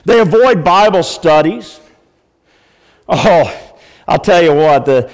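A man's voice: on the high side, expressive, takes it slowly, long pauses, in a large hall. A man preaching a sermon as pastor, breaking into mock wailing when he acts out the crowd. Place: church.

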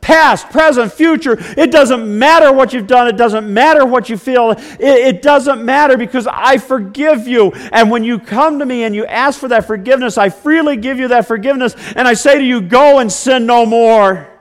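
A man voicing God as a booming, forgiving father, proclaiming with emphasis. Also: moderate pace, few pauses.

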